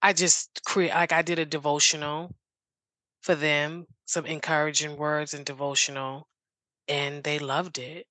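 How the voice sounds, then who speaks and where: Woman, talk show guest, eager rambling chat, lowish voice, dry close sound. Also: level tone, unhurried, sharp tone, no echo. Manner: eager, rambling storyteller with many "like"s and restarts. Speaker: interview guest. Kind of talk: casual interview chat.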